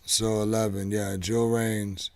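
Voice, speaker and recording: A man hosting a casual live show, rambling along with lots of halting restarts. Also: fairly low pitch, little pitch movement. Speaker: show host. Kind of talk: casual live-stream chat.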